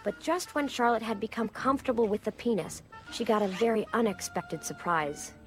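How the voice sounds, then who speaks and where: A woman's voice: a little high, lively intonation, a little fast, faint music behind, lightly acted. A woman giving a dry, wry scripted voice-over in a TV series clip.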